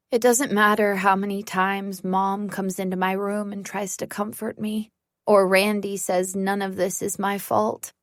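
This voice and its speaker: Woman, audiobook narrator, first-person thriller, tense measured reading, slow pace, dry studio sound. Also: mid-range voice, dry recording.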